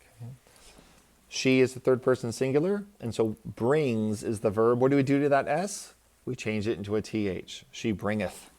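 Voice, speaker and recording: A man's voice: medium pitch, normal speed, darkish tone. A man teaching a recorded lesson, explaining step by step with patient examples. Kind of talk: recorded classroom lecture.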